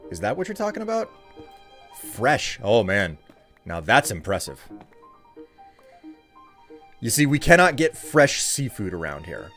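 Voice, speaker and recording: A man from the United States with a fairly low voice, chatting casually on a live stream. He rambles and rants in loose, run-on sentences while answering his viewers. Faint game music plays behind him. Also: huge pitch swings, unhurried, long pauses, fairly bright tone. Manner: rambling, ranting, talks back to chat.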